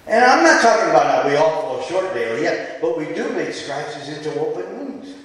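A man's voice: fairly high pitch, very animated, normal speed. A man preaching a sermon in a church, telling the story animatedly and acting out the quotes. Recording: echoey hall from far off.

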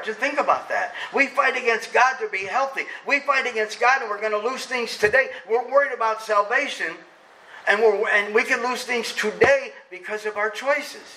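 A middle-aged man preaching a sermon as pastor, emphatic, swinging between loud preaching and soft confiding. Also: sits high, brisk, distant mic, slight background noise. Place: church sanctuary. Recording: echoey church hall from off-mic.

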